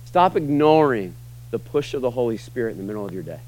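A man's voice: mid-range voice, very animated, fast, darkish tone, rough recording. A man preaching a sermon in a conversational, self-deprecating way, with emphatic appeals. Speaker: pastor.

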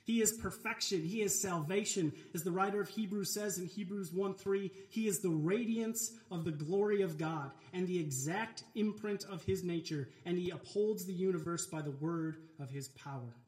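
A man delivers a sermon with earnest, emphatic conviction. His voice sits high for a man, and it carries around a reverberant church sanctuary. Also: moderate pace, hardly any pauses, darkish tone. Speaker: pastor. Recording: echoey church room.

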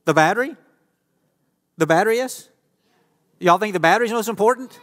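A pastor's high, slightly bright voice moves briskly but with frequent pauses. He preaches an interactive sermon on a church stage, casually joking with volunteers and the audience, while the hall's long reverb lingers.

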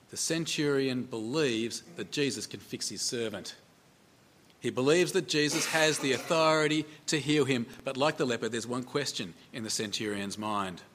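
A man's voice: medium pitch, fairly bright tone. A man preaching a sermon in a conversational way, repeating phrases for emphasis and asking rhetorical questions.

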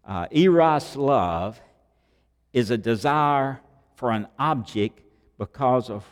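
A man preaching a sermon, emphatic, repeating key phrases and swinging between loud and quiet. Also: mid-range voice, lively intonation, takes it slowly. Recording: long hall reverb.

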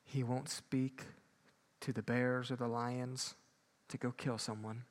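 A man preaching a sermon, moving between loud emphatic peaks and quiet low asides. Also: level tone, slow pace. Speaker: pastor.

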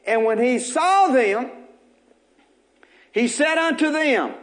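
A man's voice: very high-pitched, lively intonation, slow, fairly bright tone. A male pastor preaching a sermon, calling out questions to the congregation and repeating short phrases, with folksy joking asides.

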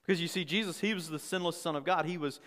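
A man's voice: on the high side, quick pace, a bit bright, long reverb tail. A male pastor preaching a conversational sermon, often repeating words and asking the congregation questions.

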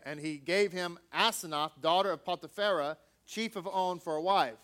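A man's voice: sits high, moderate pace, few pauses, a bit bright, clean tone. A man reading scripture aloud and then preaching in a conversational way, joking with the congregation. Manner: conversational, jokey asides with audience.

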